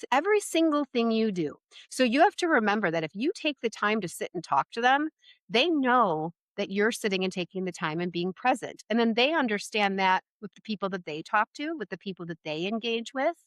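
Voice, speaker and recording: A woman talking as a podcast guest, giving parenting advice in an animated, chatty way full of "like" and "right?". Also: fairly high pitch, no room sound, clean studio sound. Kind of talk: casual interview conversation.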